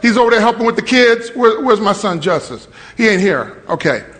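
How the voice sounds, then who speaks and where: A high-voiced man preaches a sermon, telling stories and calling on the congregation to answer back. He builds from conversational passages up to shouted peaks. His voice carries a long reverb from the hall around him. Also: lively intonation, fairly quick. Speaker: pastor. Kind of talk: sermon with call-and-response. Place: church hall with live congregation.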